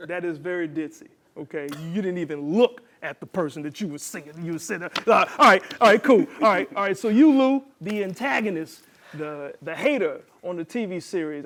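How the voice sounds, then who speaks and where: A man with a high voice hosts a casual studio chat. He is playful and quick to laugh, and he keeps things loose with plenty of "you know" and "okay." He is speaking into a lapel mic. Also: fairly bright tone. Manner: playful, laughs easily, many fillers. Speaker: talk show host.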